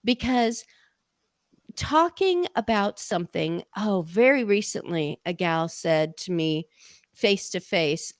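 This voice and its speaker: An older woman hosts a casual interview, an eager and chatty storyteller. Her voice sits at an ordinary pitch and is recorded close and dry, with no room sound. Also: animated, slow, no echo. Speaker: podcast host.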